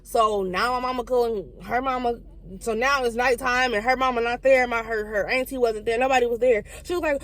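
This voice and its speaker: A young woman telling a profane, animated story and acting out the people in it. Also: on the high side. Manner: fast, profane, animated storytelling with quoted voices. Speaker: vlogger. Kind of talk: casual storytime.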